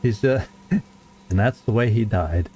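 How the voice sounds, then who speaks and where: Slow-talking man playing a game. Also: fairly low pitch, warm tone, a little hiss or hum. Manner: chatty, rambling, chuckles often. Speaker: let's play host. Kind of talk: casual gameplay commentary.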